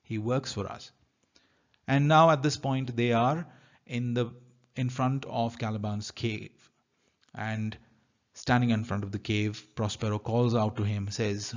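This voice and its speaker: A man's voice: mid-range voice, steady tone, dull audio. A man teaching literature, reading lines from a play and explaining them carefully. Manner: slow, careful, reads lines then paraphrases.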